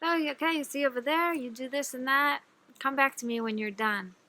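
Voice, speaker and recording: A woman's voice: sits high, brisk, bright, forceful tone. A woman voicing a stingy town miser who speaks curtly and grudgingly. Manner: curt, grudging.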